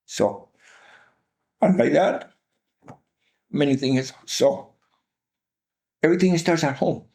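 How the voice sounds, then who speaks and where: This older Cuban man, speaking with a Cuban Spanish accent, has a mellow, darker voice with a fairly high pitch and some creak. As an interview guest, he tells his life story slowly and earnestly, repeating key phrases to stress his points.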